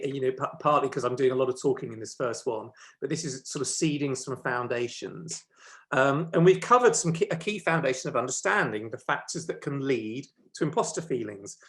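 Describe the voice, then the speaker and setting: A man's voice: mid-range voice, fairly bright tone. A man giving a conversational workshop talk, often correcting himself and checking in with his listeners. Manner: chatty, checks in with listeners with "okay?"; self-correcting, with frequent ums. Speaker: workshop presenter.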